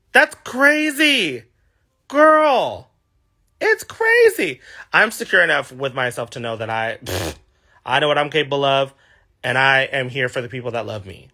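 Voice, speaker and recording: A man's voice: on the high side, pushed and bright. A man in his thirties chatting casually on a livestream, answering fan questions with a gushing, sassy manner. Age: 30s.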